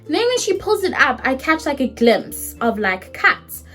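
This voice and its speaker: A young woman in her twenties with a South African accent, telling a story in a chatty, animated, casual way and swearing freely. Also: sits high, normal speed, soft background music. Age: 20s. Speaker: vlogger.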